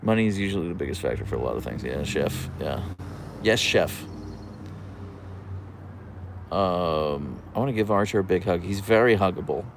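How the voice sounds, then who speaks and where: A man's voice: deep voice, expressive, normal speed, pauses often, background noise. A man hosting a casual livestream from an outdoor deck, chatting and answering viewer comments into a camera on a tripod. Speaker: livestream host.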